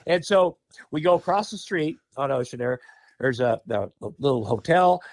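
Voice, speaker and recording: A man's voice: a little high, lively intonation, normal speed, no echo, clean studio sound. A man who is a podcast guest, telling a wild story in a loose, profane way and laughing mid-sentence. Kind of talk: casual anecdotal storytelling.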